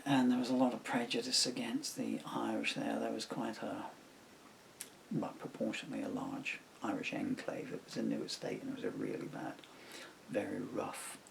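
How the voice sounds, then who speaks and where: A man's voice: mid-range voice, creaky, slight background noise, rough recording. An older man from England, reminiscing on camera at home in a meandering way, full of fillers and asides. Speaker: songwriter talking to camera. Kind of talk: rambling personal reminiscence. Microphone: camera mic.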